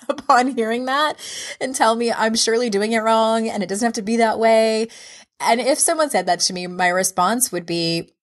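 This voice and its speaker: Woman, 30s, life coach hosting a solo podcast; low-ish voice, candid and reflective. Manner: candid, self-reflective, encouraging.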